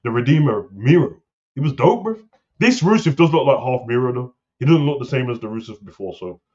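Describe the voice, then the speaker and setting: A man co-hosting a wrestling talk show, rambling and animated in casual slang. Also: medium pitch, fairly quick. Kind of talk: casual chat. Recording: slightly dull lo-fi sound.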